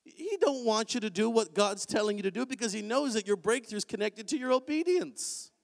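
A man preaching a sermon in a church, in an animated, conversational way. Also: sits high, creaky. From Canada. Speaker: pastor. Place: church sanctuary. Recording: long hall reverb.

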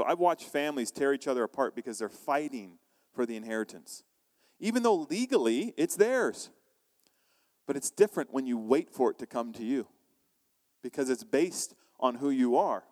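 A man preaching a sermon as pastor, animated, acting out quoted voices and asking the congregation questions. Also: medium pitch, in a large hall.

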